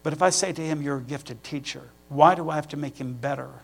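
Middle-aged male pastor, sermon, gravelly and a bit high-pitched, personal storytelling that builds to emphatic peaks. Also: fast talker.

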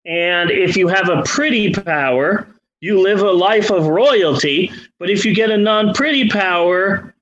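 A man's voice: high voice, lively intonation, unhurried, few pauses, a bit bright, dull audio. A man co-hosting a podcast in casual chat, ranting with exasperation and plenty of swearing. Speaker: podcast co-host.

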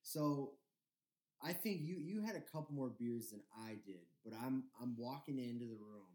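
A man's voice: mid-range voice, normal speed. Laughing young man telling a story. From Michigan. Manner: laughing, animated storytelling with swearing. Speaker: podcast co-host. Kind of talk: casual storytelling chat.

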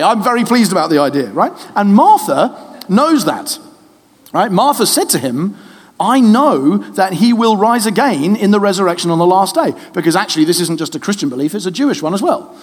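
Lively high-voiced preacher in echoing hall. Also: male voice. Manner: lively, conversational, jokes with the congregation. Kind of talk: sermon. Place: church hall. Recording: reverberant church hall.

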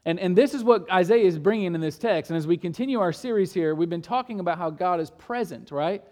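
Pastor, male, fairly high voice, chatty storytelling sermon, shifts from hushed to emphatic. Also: quick pace. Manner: conversational storytelling with rhetorical questions.

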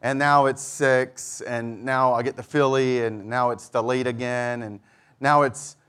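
A man's voice: medium pitch, steady tone, a little slow, a bit bright, smooth. A middle-aged man preaching a sermon, telling a personal story and acting out both sides of each conversation. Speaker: pastor.

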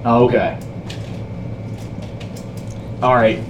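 A man's voice: mid-range voice, drawn-out words, muffled recording, noisy background. A man playing a tabletop game, asking questions to check what his character can do. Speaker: player.

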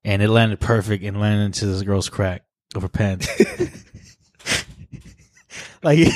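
A young man co-hosting a casual podcast chat, telling stories in a relaxed way with plenty of fillers. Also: lowish voice, takes it slowly, dry recording, studio quality. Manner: relaxed, reflective storyteller with fillers. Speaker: podcast co-host.

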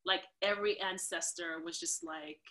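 Woman, from New York, podcast guest, storytelling, animated, bright clear voice. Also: normal speed. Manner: animated, acts out quotes with big jumps in pitch. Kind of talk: casual storytelling interview.

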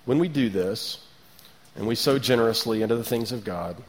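A man in his thirties giving a sermon, relaxed and conversational, with rhetorical questions and light asides. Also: medium pitch, brisk, slight background noise. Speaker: preacher.

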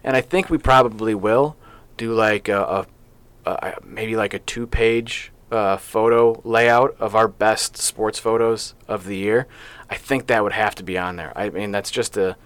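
A lower-voiced man co-hosts a sports podcast, chatting casually and wandering off on playful tangents. His voice is close and dry, recorded at a studio mic. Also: steady tone, unhurried, clear, resonant tone, no echo. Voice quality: chatty, rambling, playful about names. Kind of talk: casual chat.

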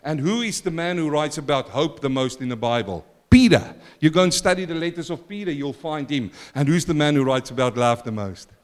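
Male pastor, middle-aged, fairly high voice, emphatic sermon, loud and soft swings, calls for responses. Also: expressive, brisk, few pauses. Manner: emphatic preaching with wide swings in loudness and pitch.

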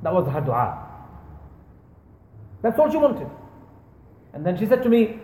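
In a large, echoey prayer hall with long reverb, a man makes an earnest, sermon-style charity appeal at a mosque, telling stories and addressing brothers and sisters. His mellow voice sits high with wildly swooping pitch, moving a little slowly with frequent pauses.

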